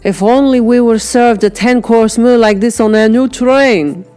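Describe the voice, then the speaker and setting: A woman's voice: on the high side, a little slow, soft background music, voice pushed up, natural voice. A woman voicing a tipsy man with a thick Russian accent who slurs his words. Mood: merry. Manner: slurred, loud.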